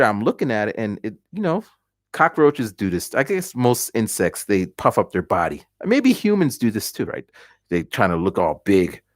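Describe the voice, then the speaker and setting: Recorded at studio quality with no echo, a medium-pitched man speaks. He's a livestream host in his 40s having a casual chat at home, telling stories animatedly and voicing his reactions.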